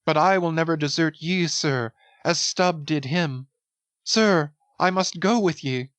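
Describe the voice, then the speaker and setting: A woman's voice: deep voice, a little slow, no room sound. A woman voicing a devoted, half-mad young cabin boy, pleading and rambling feverishly. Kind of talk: dramatic audiobook reading.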